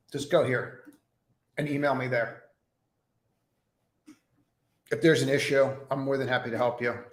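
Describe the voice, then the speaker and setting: A man's voice: medium pitch, reverberant. A man hosting a live stock trading stream, chatting casually with viewers by name and using many fillers as he walks through charts.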